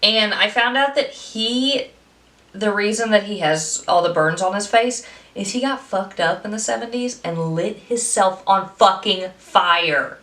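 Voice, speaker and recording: A young woman chats through a movie review with animated, profane storytelling. Her pitch sits in the middle range. The room gives her voice a noticeable echo. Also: a little slow. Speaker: podcast co-host. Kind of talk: casual movie review chat.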